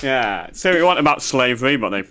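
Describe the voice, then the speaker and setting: A man's voice: medium pitch, big pitch swings, a little fast, a bit bright. An English man co-hosting a comedy podcast, teasing his co-host with wry asides. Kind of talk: casual comedic banter.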